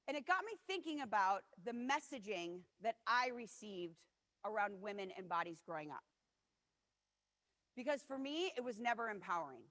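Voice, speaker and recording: A woman's voice: medium pitch, animated, brisk, fairly bright tone. A woman in her forties giving a motivational keynote, telling personal stories in an earnest, personal way. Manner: personal, earnest, acts out quotes of others. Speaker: keynote speaker. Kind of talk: motivational storytelling speech. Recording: long hall reverb.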